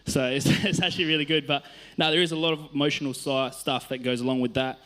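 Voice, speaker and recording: A man's voice: a little high, steady tone, fast talker, pushed and bright. An Australian man, a youth worker, telling stories in a casual sermon on a church stage, chatty and self-mocking, laughing often.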